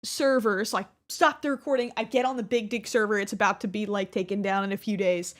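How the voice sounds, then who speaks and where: A woman's voice: medium pitch, steady tone, a little fast. A young adult woman hosting her channel, giving casual reaction commentary on her old videos in a rambling way, with many restarts and laughs. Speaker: YouTuber host.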